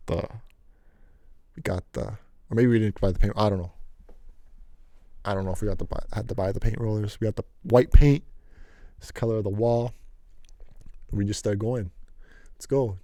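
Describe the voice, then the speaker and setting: A man telling a casual storytime tale, animated and laughing often, acting out the voices of people in it. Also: on the low side, moderate pace, long pauses, dry recording. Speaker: storyteller vlogger.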